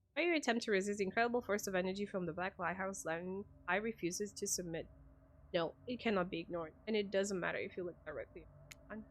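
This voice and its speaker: Streamer woman, narrating a story game live, measured delivery, mid-pitched voice.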